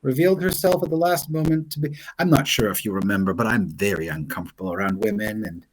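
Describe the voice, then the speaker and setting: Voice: medium pitch, quick pace, voice pushed down, natural voice, rough recording. A tabletop game master voicing a shy male blacksmith who stammers nervously and keeps repeating himself.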